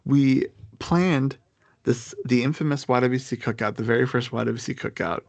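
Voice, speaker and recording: A man's voice: medium pitch, moderate pace, gravelly, darkish tone, no echo. A young man telling a story in casual chat, rambling with lots of fillers and restarts.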